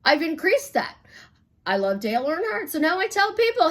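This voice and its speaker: A woman from Chicago, a life coach, telling stories bluntly in an animated, casual monologue with some swearing. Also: extremely high pitch, moderate pace.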